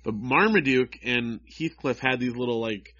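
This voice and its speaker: A man co-hosts a casual chat, reading comic strips aloud wryly and mockingly and raising his voice for the characters' dialogue. His mid-range voice is bright and forceful at a moderate pace, though the recording sounds dull and lo-fi.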